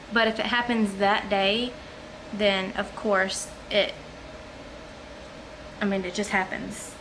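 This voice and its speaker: A woman's voice: mid-range voice, background noise. A woman vlogging at home, out of breath and chatting in a rambling way with many ums and likes. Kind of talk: casual talk to camera. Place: at home, living room or kitchen.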